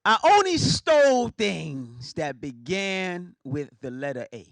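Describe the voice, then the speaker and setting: A man voicing an amused old grandfather, chuckling and drawling slowly. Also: high voice, very animated, creaky, a bit bright, no echo, heavily acted. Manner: chuckling, slow, drawn-out.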